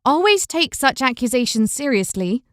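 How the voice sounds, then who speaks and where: A woman's voice: high voice, big pitch swings, moderate pace, dry recording, clean studio sound. A woman voicing a determined, outspoken young heroine in a fantasy audiobook, firm and insistent. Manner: forceful, insistent.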